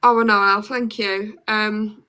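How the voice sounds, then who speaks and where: A woman's voice: medium pitch, little pitch movement, takes it slowly, bright, forceful tone. A young woman with a Black Country accent, chatting casually on a phone livestream and filling her talk with "like". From Birmingham, England. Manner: chatty, lots of "like" fillers.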